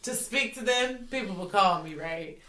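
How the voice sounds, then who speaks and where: A woman in a casual storytelling chat, expressive and laughing often. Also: a little high, normal speed, soft background music. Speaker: podcast co-host. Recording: echoey room.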